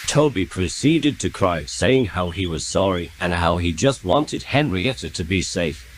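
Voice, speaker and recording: A man narrating a first-person story in an earnest, steady way. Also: low voice, a little slow, few pauses, a little hiss or hum. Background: loud music.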